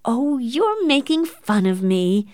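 A woman's voice: on the high side, sing-song, slow, darkish tone, no room sound, studio quality, pitched above the performer's own voice. A woman reading the part of a fond, romantic middle-aged aunt who talks eagerly and gushingly.

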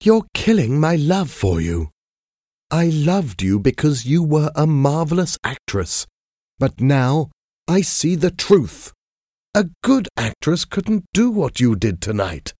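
A man reading a story, voicing an angry, proud young gentleman with an indignant, scornful manner. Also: mid-range voice, huge pitch swings, measured pace, breathy edge, no echo, clean studio sound, pitched above the performer's own voice, exaggerated voice.

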